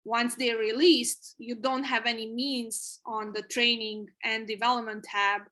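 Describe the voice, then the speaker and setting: A woman's voice: fairly high pitch, level tone, measured pace, pushed and bright, low-quality recording. A woman on a team video call, going through app features point by point in a methodical way. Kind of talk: casual work meeting.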